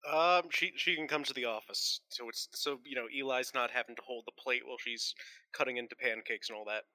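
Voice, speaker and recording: A man playing in a casual tabletop roleplay game, relaxed and easygoing. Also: mid-range voice, a little fast, no echo. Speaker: player.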